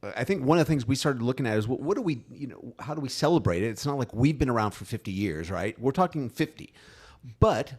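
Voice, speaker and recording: A man's voice: medium pitch, lively intonation, fast, darkish tone, husky. A man co-hosting a podcast in casual chat, rambling with many restarts. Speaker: podcast co-host; graphic designer.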